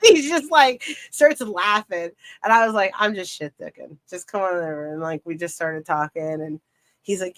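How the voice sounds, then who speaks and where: A young woman telling a long story in casual chat, animated, swearing freely and laughing as she goes. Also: on the low side, a little fast, rough recording. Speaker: podcast guest.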